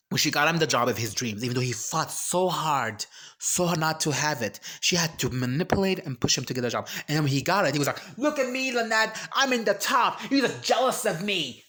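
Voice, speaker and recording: Reaction host ranting, heated and profane, mid-pitched voice, casual commentary, laughs and trips over words. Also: fairly bright tone. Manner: laughs and trails off mid-sentence.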